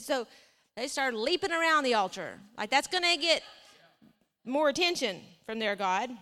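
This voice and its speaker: Bright-voiced woman preaching in a hall. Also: on the high side. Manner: animated, reads scripture aloud with asides and laughs. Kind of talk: sermon. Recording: long reverb of a hall.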